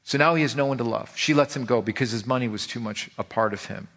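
A man preaching a sermon to his church, animated and emphatic, firing off rhetorical questions. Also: medium pitch, fast. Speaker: pastor.

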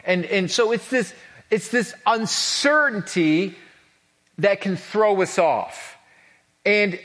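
A man's voice: a little high, fairly bright tone. A male pastor preaching a casual, conversational sermon, chatty and full of restarts and acted-out asides. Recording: long hall reverb.

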